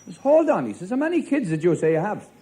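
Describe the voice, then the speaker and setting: A man with an Irish accent telling stand-up jokes in a deadpan storytelling manner, playing a policeman. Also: high-pitched, breathy edge. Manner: deadpan storytelling, rapid one-liners in character as a policeman. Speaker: stand-up comedian. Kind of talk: live stand-up joke-telling. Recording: live show with faint crowd laughter and noise.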